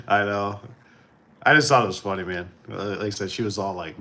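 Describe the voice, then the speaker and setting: A man from Michigan hosting a casual livestream, talking in a relaxed, rambling way and chuckling often. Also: lowish voice, normal speed, long pauses. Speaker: livestream host.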